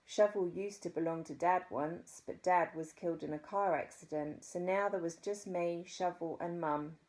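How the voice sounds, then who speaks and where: Expressive New Zealand woman storyteller. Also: on the low side. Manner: expressive, dramatic pauses. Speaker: children's story reader. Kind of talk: reading a children's book aloud.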